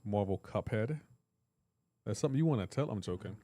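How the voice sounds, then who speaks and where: A man's voice: fairly low pitch, animated, brisk, warm tone, no echo. A man hosting a live game stream, chatting casually and joking while reading and answering chat messages. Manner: joking, reads chat aloud.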